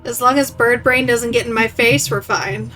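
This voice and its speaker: A woman's voice: a little high, fairly even intonation, moderate pace, pushed and bright, soft background music, poor audio. A woman playing a tabletop game, teasing and blunt in her talk. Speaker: player. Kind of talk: casual tabletop play.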